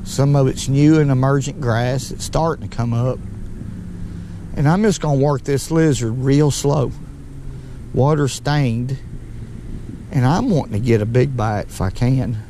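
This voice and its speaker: A man, fishing outdoors from a boat on a lake and talking viewers through it in a folksy, excitable way. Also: medium pitch, unhurried, long pauses, a little hiss or hum. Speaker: fishing vlogger. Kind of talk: casual on-the-water commentary.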